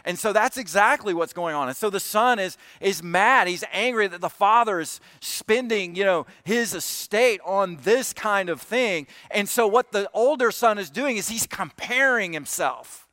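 A man's voice: high voice, expressive, moderate pace, few pauses, pushed and bright, dry recording. A man preaching a conversational sermon, speaking earnestly and directly to his congregation, often restarting his phrases. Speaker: pastor.

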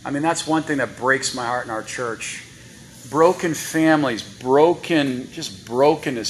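A man delivers a sermon to a church congregation, talking casually and often tossing rhetorical questions to the room. His voice is bright and forward. A faint hiss sits under the recording. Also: mid-range voice, measured pace, rough recording. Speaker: guest preacher. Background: congregation responses.

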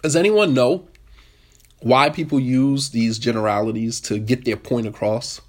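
A man giving a lively, interactive talk on marriage to a group, questioning the audience and repeating points for emphasis. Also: mid-range voice, a little slow. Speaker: marriage workshop speaker.

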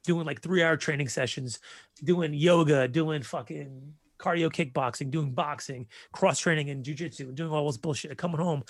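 A man in his forties telling stories in a casual chat, animated and profane. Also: a little high, normal speed, dry recording, studio quality. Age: 40s.

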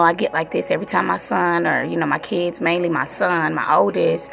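Gravelly-voiced woman vlogger. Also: lowish voice, fairly even intonation, a little fast, a bit bright, faint music behind. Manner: heartfelt, rambling, many fillers. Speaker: vlogger, mother. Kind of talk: casual reflective vlog chat.

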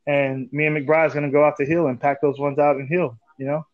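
A man in his forties hosting a casual chat, telling animated stories, laughing often and swearing casually. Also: on the high side, brisk, no echo. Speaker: podcast host. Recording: dull lo-fi dry sound.

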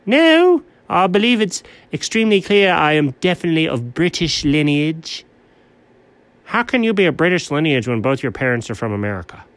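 A man voicing Alfred, an excitable, fussy cat who gets flustered and objects to everything in a comedy sketch. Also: no room sound. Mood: indignant. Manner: squeaky, indignant, quick to object. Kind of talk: comedic two-character sketch.

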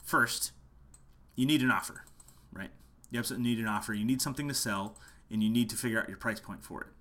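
Late at night at home, a male musician gives a casual, passionate online-marketing talk to camera, driving each point in through repetition. His voice is medium-pitched with a fairly bright tone, and he talks fast.

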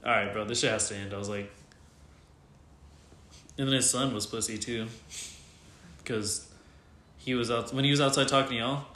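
A man telling a heated story in casual chat, animated and swearing, acting out what others said. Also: medium pitch, normal speed, pauses often, reverberant. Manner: animated retelling, swears freely, quotes others in voices.

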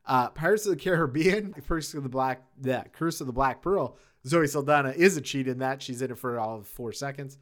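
A man with a mid-range voice co-hosts a podcast, chatting casually, animated and quick to laugh.

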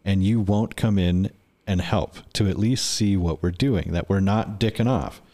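Profane, very low-voiced man telling stories. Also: unhurried. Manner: profane, animated storyteller acting out quotes. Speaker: podcast guest. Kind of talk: casual storytelling chat.

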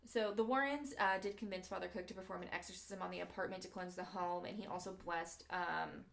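A woman's voice: on the low side, steady tone, fairly quick, creaky, fairly bright tone. A woman podcast host casually retelling a true story in a studio, chatty with many fillers.

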